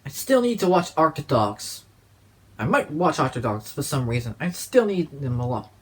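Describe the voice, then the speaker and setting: A man with a slightly high voice rambles casually through a collection vlog. He swears freely and restarts his sentences often. The talk is loose and unscripted. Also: sing-song, moderate pace, slightly rough. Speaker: DVD collector vlogger.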